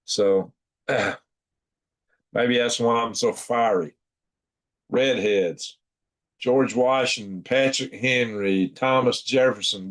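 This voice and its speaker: A man's voice: medium pitch, takes it slowly, long pauses. A sleepy man, hosting a casual late-night livestream, chuckling and reading chat aloud in a folksy drawl. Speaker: livestream host.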